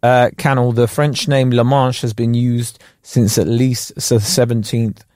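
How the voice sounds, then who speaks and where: A man's voice: medium pitch, little pitch movement, measured pace, darkish tone, no room sound, studio quality. A man co-hosting a podcast, explaining facts in a chatty, joking way. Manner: explains facts with jokey asides. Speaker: podcast co-host. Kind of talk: casual comedic chat.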